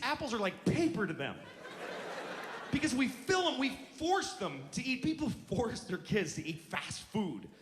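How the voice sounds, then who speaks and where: A man's voice: extremely high pitch, a bit bright, a little hiss or hum. Blunt, profane man doing stand-up. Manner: blunt, profane, exasperated rants. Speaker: stand-up comedian. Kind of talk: stand-up routine. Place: comedy club stage. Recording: roomy live club with audience laughter.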